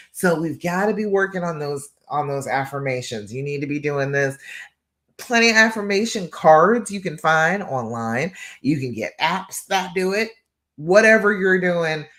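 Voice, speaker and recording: A woman's voice: low voice, a bit bright. A woman hosting a live coaching stream, talking in an encouraging, emphatic way and often checking in with "all right" and "okay". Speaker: relationship coach and live show host.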